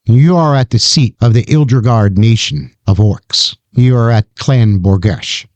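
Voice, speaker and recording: A man voicing a stern, mysterious guardian who is the heroine's uncle, speaking in measured pronouncements. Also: medium pitch, a little mellow, no echo, lo-fi sound, lightly acted. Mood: grave.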